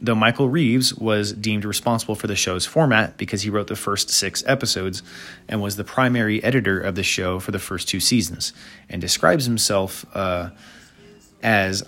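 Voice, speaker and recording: A man's voice: lowish voice, fairly bright tone. A man hosting a casual monologue, rambling with many fillers and side remarks. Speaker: host.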